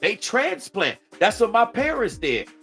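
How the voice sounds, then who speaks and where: A man's voice: high-pitched, wildly swooping pitch, unhurried, a bit bright, soft background music. A man from Georgia, hosting a mocking reaction commentary and talking back to the clip and his chat. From Georgia, USA. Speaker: commentary host. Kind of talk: reaction commentary on a played video.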